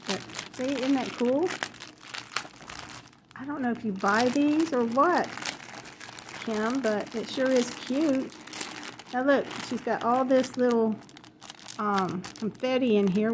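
This crafting vlogger's voice is on the high side as she casually chats through a batch of happy mail, delighted and gushing at each item. Background noise includes paper crinkling and dogs in the house.

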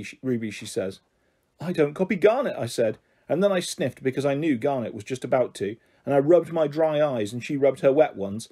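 Expressive husky male storybook reader. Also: medium pitch. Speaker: audiobook reader. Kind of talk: reading a children's novel aloud.

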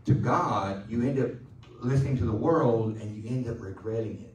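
A male pastor preaching to his congregation in a relaxed, chatty way, cracking jokes and checking in for an "amen." His voice sits at an ordinary pitch. It carries through a roomy church from a little way off the mic, with faint ambience behind it. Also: normal speed, recorded from a distance, a little hiss or hum. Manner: conversational, joking, with call-and-response. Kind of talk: sermon. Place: church sanctuary.

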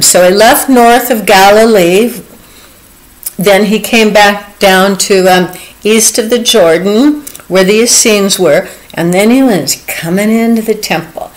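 Earnest woman retelling scripture, slow, heartfelt, chuckles often. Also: mid-range voice, rough recording. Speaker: devotional speaker. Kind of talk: informal Bible teaching.

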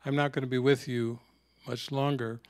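A man quoting a calm, serene spiritual master. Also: medium pitch, moderate pace, no echo, clean studio sound, lightly acted. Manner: quiet, matter-of-fact.

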